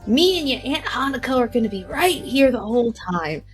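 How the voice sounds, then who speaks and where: A woman's voice: mid-range voice, fairly even intonation, unhurried, faint music behind, close to an everyday voice. A woman voicing a small, scrappy young male airbender who talks in casual slang. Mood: gentle. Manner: chatty, laid-back slang.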